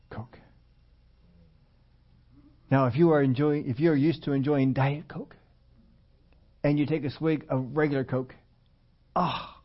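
Preaching man, lo-fi sermon audio. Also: medium pitch. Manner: conversational preaching, rising loud and emphatic at climaxes. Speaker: pastor.

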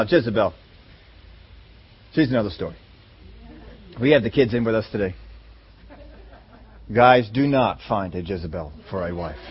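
A man preaching a sermon in an animated way, acting out voices in his stories, on a dull lo-fi recording. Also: mid-range voice, husky. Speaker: pastor.

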